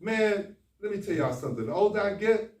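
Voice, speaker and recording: A man, a doctor, giving a folksy, animated talk at a men's conference, speaking straight to the audience. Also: high voice, fairly quick. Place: conference room. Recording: echoey hall, far from the mic, faint noise.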